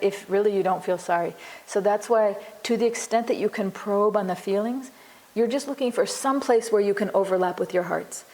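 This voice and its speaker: Woman psychologist, conversational class lecturer, earnest, even middle pitch. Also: a little fast, rough recording. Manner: earnest, explains with acted example dialogues; frequent "you know" and restarts.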